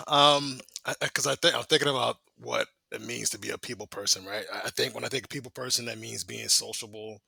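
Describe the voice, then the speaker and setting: A man's voice: mid-range voice, a little fast, creaky, bright, forceful tone, husky, no room sound. A man co-hosting a casual podcast chat, thinking aloud with hesitant restarts. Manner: thoughtful, hesitant. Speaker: co-host.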